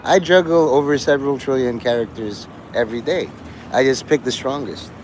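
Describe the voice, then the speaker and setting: A man's voice: medium pitch, moderate pace, noisy background. A man in his forties hosting a livestream, rambling casually, trailing off and restarting his thoughts. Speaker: livestream host.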